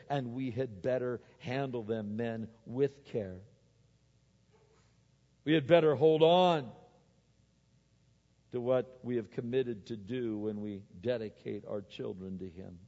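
A man preaching a sermon as a pastor, animated, swinging between loud exhortation and quiet asides. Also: medium pitch, takes it slowly. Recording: muffled, with long hall reverb.

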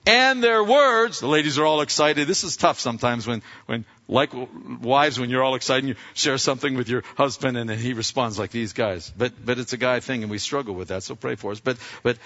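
A male pastor preaching a lively sermon, acting out scenes and firing questions at his congregation. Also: mid-range voice, a little fast, few pauses. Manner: animated, acts out scenes, asks the audience questions. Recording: echoey hall, dull lo-fi sound.

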